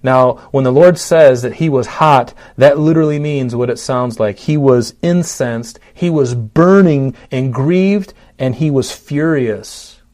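A man preaching a sermon. He reads scripture with rising force, then drops low and soft for direct appeals, and often repeats words as he goes. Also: unhurried, few pauses. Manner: rises and swells when reading scripture aloud, drops low and soft for appeals; repeats words and restarts phrases. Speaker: pastor.

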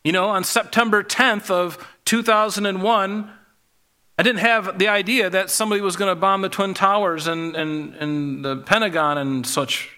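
A man's voice: high voice, fairly even intonation, moderate pace, bright, forceful tone. A male pastor preaching a sermon in a conversational way, with asides and restarts.

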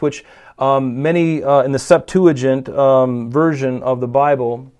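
A man preaching verse by verse in a relaxed teaching voice, with a mid-range pitch. He stumbles and restarts now and then. He builds to louder, emphatic peaks as he drives points home. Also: unhurried. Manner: conversational teaching with frequent restarts and rising emphasis. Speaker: pastor. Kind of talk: expository sermon.

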